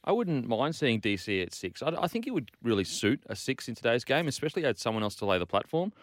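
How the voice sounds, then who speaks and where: An Australian man hosting a casual podcast, trading upbeat banter and quick opinions with his guest. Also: medium pitch, sing-song, no echo, studio quality. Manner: upbeat banter, quick hot takes, fond of "mate". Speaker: podcast host.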